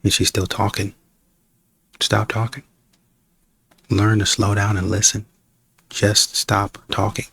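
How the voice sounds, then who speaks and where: Host, male, deep flat husky voice, blunt. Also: slow pace, pauses often. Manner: blunt, firm. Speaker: reaction show host. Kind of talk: commentary on clips.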